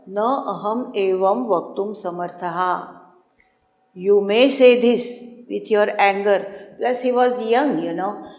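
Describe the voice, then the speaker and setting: Slow-speaking woman lecturing in a hall. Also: on the high side. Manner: slow, measured explaining with frequent "you know". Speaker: lecturer on Sanskrit drama. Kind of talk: explanatory lecture with recitation. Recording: roomy hall with long reverb.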